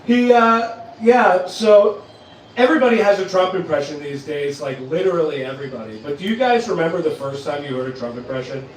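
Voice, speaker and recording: A man's voice: a little high, fairly quick, slight background noise. A man from Trenton, New Jersey, doing a profane, self-deprecating stand-up set and laughing at his own jokes. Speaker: stand-up comedian. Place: comedy club stage. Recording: roomy club sound, mic at a distance, audience.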